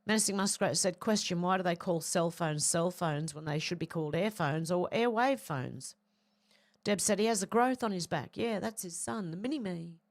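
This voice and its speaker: A woman with a lowish, throaty voice reads viewer comments off her livestream chat. She answers each one with chatty asides and clears her throat now and then. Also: moderate pace. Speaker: livestream host reading chat. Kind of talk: casual chat, reading viewer comments aloud.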